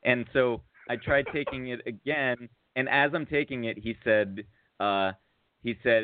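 A man on a podcast telling a long casual story, full of fillers and restarts, getting excited at the funny parts. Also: mid-range voice, normal speed, dry recording. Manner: rambling, filler-heavy, rises to excited laughter at funny moments. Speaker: podcast co-host. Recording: tinny phone-like audio.

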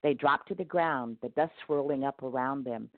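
A woman narrating a devotional story aloud in an expressive read-aloud manner. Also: rumbling low, moderate pace. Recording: tinny phone-like dry sound.

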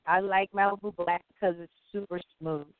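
A woman's voice: medium pitch, fairly even intonation, fairly quick, dry recording. Blunt woman on a phone line. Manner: blunt, teasing, trips over names. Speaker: co-host. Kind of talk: casual chat.

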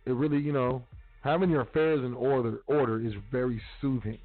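Over what sounds like a tinny phone line with faint music, a male podcast host runs a casual talk-show monologue. He's blunt, slangy, and drops some profanity, his medium-pitched voice steady and fairly quick.

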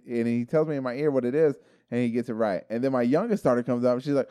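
A middle-aged father with a Texan accent tells a family story to friends, putting on his kids' voices. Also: quick pace. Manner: lively, jumps into high voices when quoting his kids. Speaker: father, podcast co-host. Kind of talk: casual storytelling among friends.

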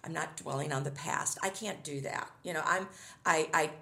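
A woman's voice: sits low, moderate pace, vocal fry, bright, forceful tone, echoey room. A middle-aged woman talking casually as an interview guest, upbeat and chatty, often laughing as she tells stories.

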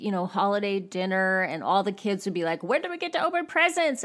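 A woman in her forties hosting her own podcast, talking casually and expressively in a solo episode. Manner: chatty and expressive, with jumps in pitch. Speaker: podcast host.

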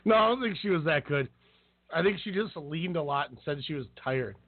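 A man with a high, light voice chats loosely on a call-in podcast, laughing and wandering through his stories. The sound is thin and tinny like a phone line, dry and close with no room around it. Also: animated, fairly quick, dry recording. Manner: laughing, rambling storyteller. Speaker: podcast co-host. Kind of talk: casual chat.

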